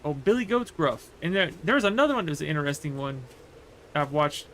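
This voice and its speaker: A man's voice: fairly high pitch, animated, fairly quick, fairly bright tone, a little hiss or hum. Give me a rambling male streamer chatting casually while he plays. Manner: rambling, storytelling with many fillers. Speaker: livestreamer. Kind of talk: casual chat while gaming.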